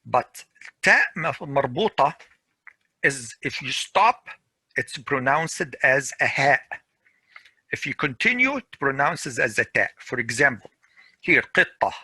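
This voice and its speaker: A middle-aged man teaching a grammar class over a video call, repeating each example slowly and patiently. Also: mid-range voice, very animated, sharp tone, breathy edge, no echo. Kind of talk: online class lecture.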